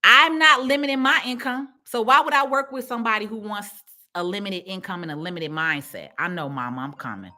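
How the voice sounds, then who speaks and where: On a casual live stream, a small business owner with a Chicago accent preaches to her followers, emphatic and repeating herself. Her bright voice sits on the low side, moving briskly with lively intonation.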